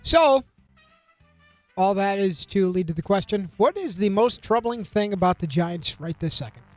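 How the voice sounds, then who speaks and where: A man with a high-pitched voice producing a sports radio show, wry and upbeat as he sets up questions for the hosts. Faint music sits under a dry studio sound. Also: expressive, moderate pace, no echo. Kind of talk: casual sports radio banter.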